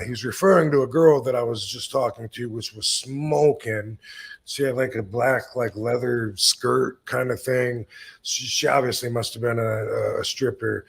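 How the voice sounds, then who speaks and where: A man's voice: medium pitch, creaky, a bit bright. A man in his fifties hosting a podcast, telling a rambling, profane, self-deprecating story in casual talk. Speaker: podcast host.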